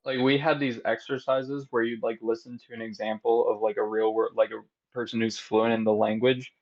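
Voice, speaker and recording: A young man co-hosting a podcast in loose, animated conversation, laughing easily. His voice sits at a middling pitch and comes through a slightly dull, lo-fi microphone. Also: a little fast. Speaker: podcast co-host. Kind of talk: casual chat.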